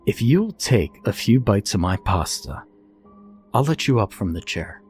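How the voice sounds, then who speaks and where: Guy doing a creepy upbeat captor-chef, coaxing and way too comfy, lowish voice. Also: very animated, unhurried, a little mellow, soft background music. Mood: cheerful. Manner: chipper, coaxing, overly comfortable. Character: cheerful, creepy male captor playing host cook.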